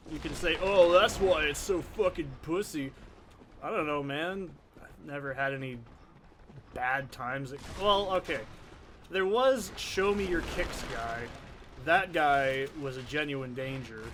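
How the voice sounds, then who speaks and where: A man's voice: a little high, a bit bright, a little hiss or hum. Profane rambling gamer man. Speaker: let's play commentator. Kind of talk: casual gameplay commentary. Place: soundproofed home corner. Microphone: desk condenser mic.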